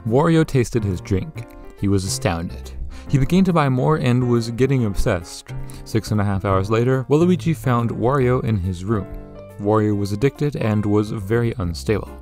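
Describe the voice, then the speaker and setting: Young male vlogger, scripted jokey narration, average pitch, light music bed. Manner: jokey, lively, with swearing and laughs. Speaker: YouTuber.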